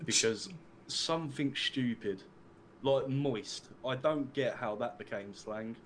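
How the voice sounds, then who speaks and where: A man's voice: medium pitch, takes it slowly, a bit bright, a little hiss or hum. A young man with an English accent chatting casually, rambling and filling his talk with "like" and the odd swear word. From England. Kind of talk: casual chat.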